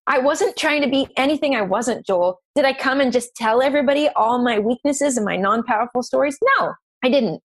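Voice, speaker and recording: A woman guest on a podcast interview, telling a personal business story in an earnest, emotional, animated way. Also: high voice, brisk, few pauses.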